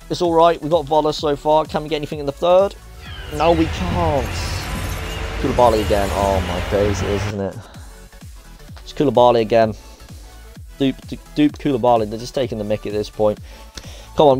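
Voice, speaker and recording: A young man giving excitable, chatty pack-opening commentary in a game video. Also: medium pitch. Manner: excitable, chatty, reacts aloud to each card. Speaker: gaming YouTuber. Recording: faint music behind the voice.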